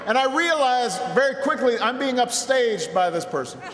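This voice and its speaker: A man giving a campaign rally speech, telling a self-mocking story and then rallying the crowd with shouted calls. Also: extremely high pitch, animated, moderate pace, background noise. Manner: storytelling with a self-mocking humor, building into shouted call-and-response. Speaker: political speaker at a rally. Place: large rally venue full of people. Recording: echoey PA sound in a long hall with a loud crowd. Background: cheering crowd.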